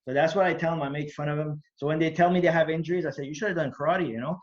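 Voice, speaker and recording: A man's voice: a little high, fairly even intonation, racing, few pauses. A male karate instructor from New Brunswick, chatting as a guest in a friendly, teasing way that repeats itself. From New Brunswick, Canada. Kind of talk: casual interview chat. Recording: dull lo-fi remote audio.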